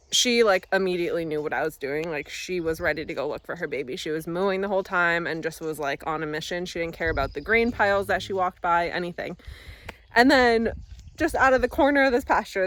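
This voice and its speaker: A young American woman vlogging casually on her farm, chatty and excitable, a little out of breath. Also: fairly low pitch. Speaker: farmer vlogger. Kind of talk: casual vlog narration. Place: outdoors on a farm.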